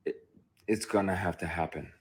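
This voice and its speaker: A man's voice: sits low, fairly even intonation, normal speed, husky. A man, an actor, telling a personal story bluntly and emotionally, with frequent profanity and restarts. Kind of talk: candid first-person storytelling.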